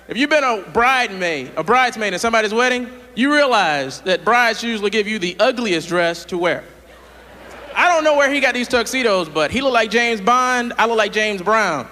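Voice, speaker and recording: A man from the southern United States doing a playful, animated stand-up comedy set on a large theater stage. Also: sits high, quick pace. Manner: animated, playful, jumps into character voices. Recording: live theater hall with audience.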